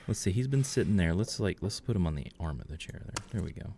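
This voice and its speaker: A man's voice: low voice, quick pace, creaky, a little hiss or hum. A man from Georgia in the US, chatting casually with his chat while playing a game on a livestream. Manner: relaxed, chatty, reads and answers chat. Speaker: livestream gamer.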